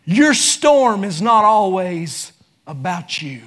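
A man preaching a sermon, building into fervent shouts. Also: high-pitched, very animated, slow pace. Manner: impassioned, rising into shouts.

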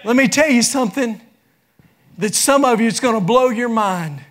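A man preaching a sermon, building into fervent shouts. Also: very high voice, lively intonation, normal speed. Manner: impassioned, rising into shouts.

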